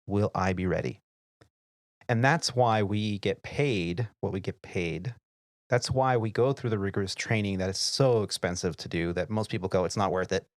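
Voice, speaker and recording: A middle-aged man hosting an aviation podcast, telling flight-deck stories in a lively, casual way. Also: lowish voice, no room sound, studio quality. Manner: animated storyteller, acts out quoted voices and laughs. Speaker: podcast host and airline pilot. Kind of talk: casual storytelling chat.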